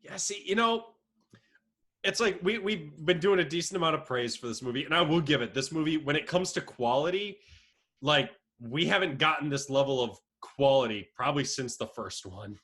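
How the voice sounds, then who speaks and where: On a podcast he co-hosts, a young man speaks a little high and at a moderate pace. It's easygoing chat, with animated anecdotes and frequent bursts of laughter.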